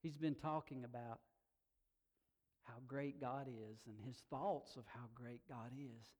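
A man's voice: medium pitch, fairly even intonation, measured pace. A middle-aged man preaching a sermon, telling personal stories with laughs and building to emotional, emphatic peaks. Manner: warm storytelling, with laughs and emotional swells. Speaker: pastor.

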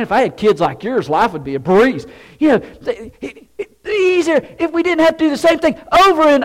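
A man preaching a sermon, animated, who acts out the voices of people in his stories and laughs between points. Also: high-pitched. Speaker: pastor.

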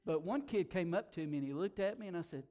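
A man preaching a sermon in a folksy, casual way, talking slowly and dropping asides like "man" and "you know.". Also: sits high, dark tone. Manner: slow-talking, by his own account. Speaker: pastor.

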